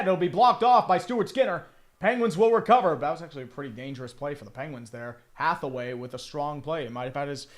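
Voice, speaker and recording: High-voiced man calling hockey play-by-play. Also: a bit bright. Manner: rambling, profane, jokey asides. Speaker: hockey stream commentator. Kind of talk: casual play-by-play commentary.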